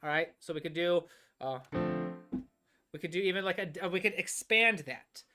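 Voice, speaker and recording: A woman's voice: fairly low pitch, moderate pace. A woman teaching music composition on a live stream, explaining step by step, often drawing out words while she thinks and checking in with "all right?".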